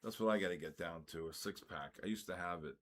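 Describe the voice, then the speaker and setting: An older man hosting a livestream, chatting casually with viewers and reacting with animated, jokingly outraged exclamations. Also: deep voice, fast. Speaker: livestream trading host. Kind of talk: casual chat reading viewer comments.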